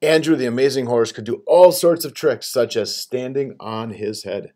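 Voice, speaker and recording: A man reading a children's picture book aloud in an expressive storyteller's voice. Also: mid-range voice, normal speed. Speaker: school read-aloud host.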